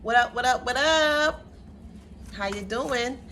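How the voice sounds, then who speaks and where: A woman's voice: on the high side, slow pace, sharp tone, soft background music. A woman giving a casual tarot reading on her channel, talking in a sassy, chatty way full of playful slang. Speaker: tarot reader. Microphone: camera mic.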